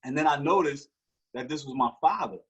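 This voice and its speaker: Husky-voiced man telling a story. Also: medium pitch, brisk, poor audio. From Newark, New Jersey. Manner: animated storyteller acting out quoted dialogue. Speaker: guest. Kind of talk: storytelling in an interview.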